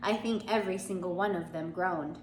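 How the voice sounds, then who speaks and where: Reading a children's chapter book aloud, this woman uses a lowish, slightly mellow voice at normal speed, doing character voices while stumbling and restarting occasionally. Allergies leave her a bit stuffy, and she coughs at times. The room echoes, with a faint background hum.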